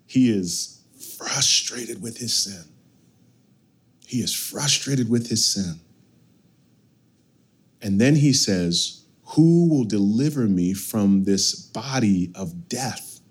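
A man preaching a sermon as pastor, animated, swinging from loud bursts to hushed lines. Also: on the low side, slow pace, long pauses, slightly rough.

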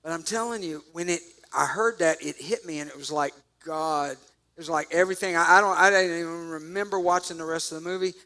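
A man preaching a sermon, telling a story with jokes and sudden loud bursts. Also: on the high side, a little fast. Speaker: pastor.

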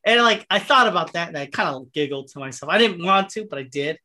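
A man's voice: on the high side, animated, fast talker, pushed and bright. A man in casual podcast chat, telling a rambling, profane anecdote and acting out the people in it. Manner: rambling, profane, acts out voices in his anecdotes.

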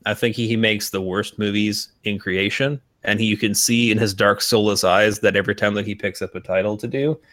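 A man's voice: on the low side, steady tone, a little fast, few pauses, a bit bright. A man co-hosting a podcast in casual chat, rambling with lots of fillers and restarts and swearing freely. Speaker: podcast co-host.

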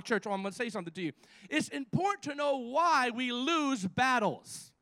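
A man pastor preaching a sermon, animated and exhorting, with frequent stumbling restarts. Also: very high voice, no echo.

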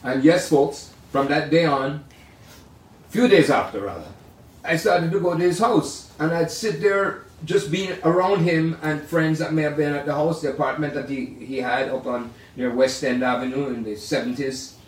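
An older man, a jazz pianist, telling rambling, animated stories in a casual way. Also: fairly high pitch, normal speed. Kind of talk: casual storytelling. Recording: roomy sound from far off.

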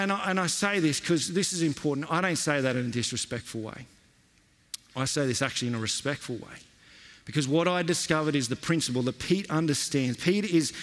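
A man's voice: mid-range voice, fairly bright tone, big-room sound. A male pastor preaching a sermon in an earnest, emphatic way, repeating his key phrases.

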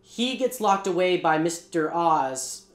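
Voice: medium pitch, echoey room. A co-host of a comic book channel, retelling a comic plot in casual chat, rambling and cursing with lots of asides. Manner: rambling, profane, animated retelling with quick asides.

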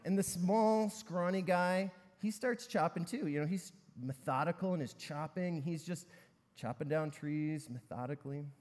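A man's voice: fairly high pitch, normal speed, a little mellow. Chatty preacher man in a big hall. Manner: conversational storytelling with many fillers. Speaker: pastor. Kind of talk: sermon. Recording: long reverb in a large hall.

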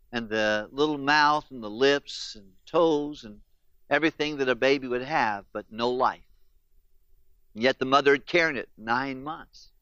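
A man's voice: medium pitch, fairly bright tone, clear, resonant tone, dry recording, highs cut off. A man who is a pastor, preaching a sermon and telling stories in an earnest way, with the questions of grieving people spoken in their voices.

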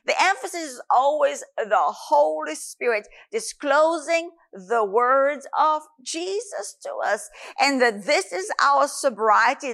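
Woman, preacher, high-pitched, earnest sermon, repeats key phrases for emphasis. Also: animated, takes it slowly, creaky, fairly bright tone.

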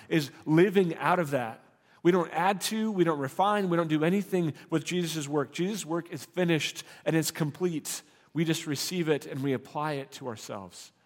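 A man's voice: fairly high pitch, long reverb tail. A man preaching a sermon as a pastor, earnest and repetitive, building to emphatic declarations.

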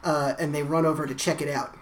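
A woman podcast co-host with a very low voice walks through the plot step by step, with dry little comebacks. Her telling is steady and unhurried. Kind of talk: casual chat recapping a TV episode.

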